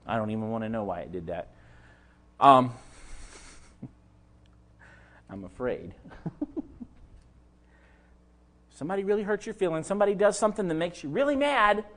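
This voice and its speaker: A man's voice: a little high, very animated, quick pace, fairly bright tone. A pastor preaching a sermon, talking conversationally and addressing his listeners directly.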